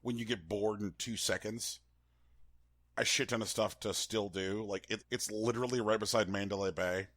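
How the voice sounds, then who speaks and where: A male podcast co-host chats casually, rambling in a laid-back way and swearing freely. His voice is lowish and fairly bright, with a steady tone and moderate pace, recorded cleanly in a studio with no room sound.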